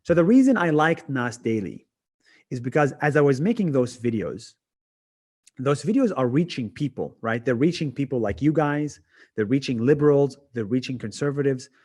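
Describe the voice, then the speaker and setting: A young man from Israel, a native Arabic speaker, talking in a casual video-call interview, animated, laughing and swearing as he talks. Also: medium pitch, moderate pace. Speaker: interview guest, video creator.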